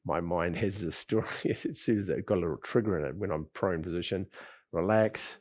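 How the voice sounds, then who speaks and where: A man teaching a qigong class, talking in an easygoing, rambling way with sighs and soft chuckles. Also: low-pitched, brisk. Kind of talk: relaxed spoken class talk. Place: lives in Bali.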